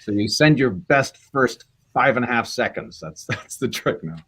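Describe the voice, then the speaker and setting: A man's voice: mid-range voice, lively intonation, normal speed, fairly bright tone, husky. A male actor telling rambling anecdotes in a casual interview, with many fillers and restarts.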